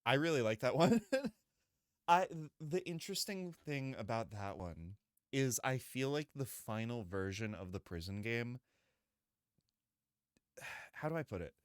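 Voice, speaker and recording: A man's voice: mid-range voice, very animated, clean tone, no echo. A man streaming a video game, chatting casually in a jokey, rambling way. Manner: jokey, rambling, quick laughs. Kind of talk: casual gameplay commentary.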